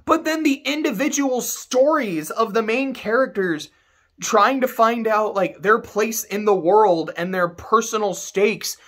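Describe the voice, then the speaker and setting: A man's voice: high voice, a little slow, fairly bright tone. Male game reviewer, casual rant, profane and sarcastic.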